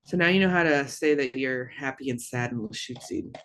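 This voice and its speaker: A woman teaching a language lesson, slow and patient, repeating words for learners to echo. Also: very deep voice, a bit bright, slight background noise.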